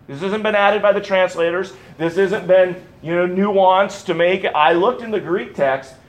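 A middle-aged male pastor delivering a sermon in a fairly high voice. He leans hard on key words and repeats them for weight. He drops to quiet asides, then climbs back to loud stresses. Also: normal speed. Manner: emphatic, repeats key words, swings between loud and soft.

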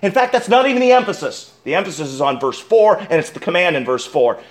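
A man with a high voice preaches a sermon. His delivery swings between sharp, loud emphasis and low, hushed asides, and he keeps turning to his listeners with direct questions. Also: lively intonation, fast. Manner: asks the congregation direct questions. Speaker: pastor.

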